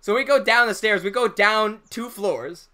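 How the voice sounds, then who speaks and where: A young man hosting a livestream, casually telling an animated story, laughing often and swearing freely. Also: sits high, normal speed. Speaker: livestream host.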